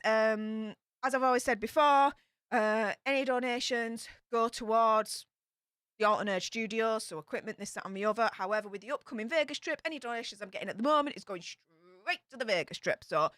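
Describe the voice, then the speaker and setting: A woman's voice: fairly high pitch, fairly bright tone, smooth, no echo, clean studio sound. A young woman, chatting bubbly and rambling as she reads out super chats on her livestream. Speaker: YouTube host.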